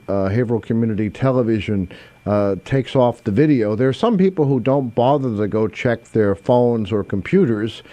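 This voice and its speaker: Brief: man, call-in radio host, loose and rambling, warm low tone, dry studio mic. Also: dry recording. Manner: rambling, with many fillers and restarts. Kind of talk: casual call-in chat. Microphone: studio microphone.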